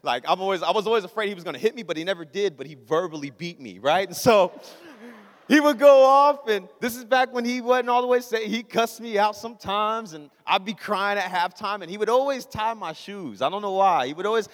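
A man's voice: high-pitched, lively intonation, fast, few pauses, fairly bright tone. A young man preaching a casual, joking sermon, telling stories and acting out his father's voice. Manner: conversational, joking, acts out his father's lines. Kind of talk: humorous sermon storytelling. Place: church sanctuary. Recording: long reverb of a hall.

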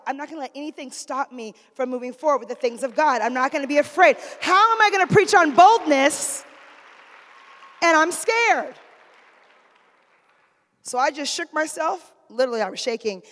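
A middle-aged woman preaching a sermon, swinging from shouted exhortation to quiet, chatty storytelling. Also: high voice. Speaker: preacher, pastor's wife. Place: church sanctuary. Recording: long reverb of a church hall.

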